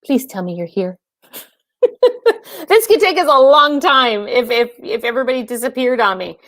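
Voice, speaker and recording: A woman's voice: on the high side, expressive, moderate pace, fairly bright tone, no echo, clean studio sound. A woman fitness trainer hosting a casual live stream, chatting and laughing with viewers and calling them by name.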